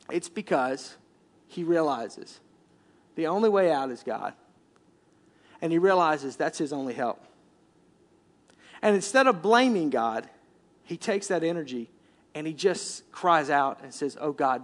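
Man, high voice, pastor preaching, animated, hushed asides. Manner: animated preaching, dropping to a hush for emphasis; acts out complaining voices. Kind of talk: sermon.

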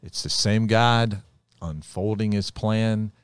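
A man co-hosting a casual Bible chat, chiming in calmly with short remarks. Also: lowish voice, slow pace, smooth, no room sound. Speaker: Bible teacher co-host.

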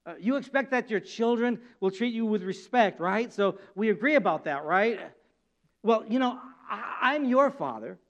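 A man's voice: high voice, animated, normal speed, fairly bright tone, muffled recording. A male pastor giving a conversational sermon, asking rhetorical questions and acting out quoted speech. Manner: conversational preaching with repeated words and rhetorical questions; acts out God and the people in quoted speech.

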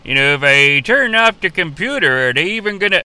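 A man's voice: mid-range voice, fairly even intonation, measured pace, sharp tone, clean tone, no echo. A man playing a rambling, easily sidetracked old wrestling-family patriarch in a comedy podcast. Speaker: podcast host character. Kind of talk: improvised comedy character monologue.

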